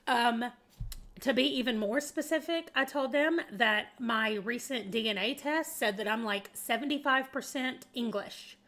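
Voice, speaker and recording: Bright chatty Southern woman from Arkansas. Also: on the high side, measured pace. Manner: chatty and rambling, laughs often; addresses viewers as y'all. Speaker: booktuber. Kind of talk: casual chat to camera.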